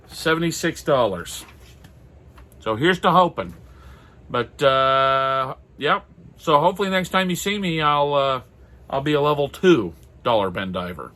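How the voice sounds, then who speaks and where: Halting man with a dry throat. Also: on the high side, sharp tone. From Minnesota. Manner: halting, many fillers and restarts, apologetic. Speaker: comic collector vlogger. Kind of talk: casual solo chat.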